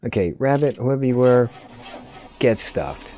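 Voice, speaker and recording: A man giving let's play commentary, excitable, swearing often and talking back to the game. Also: mid-range voice, measured pace, a little hiss or hum. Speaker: gaming video host.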